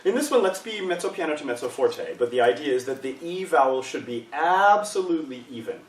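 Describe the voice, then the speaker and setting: A man's voice: a little high, very animated, a little fast, far from the mic. Encouraging male choir director in an echoey room. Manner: patient, encouraging, counts singers through exercises. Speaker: choral workshop leader. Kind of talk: live choir workshop teaching. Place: rehearsal room with a group. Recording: echoey room, speaker off-mic, faint hiss.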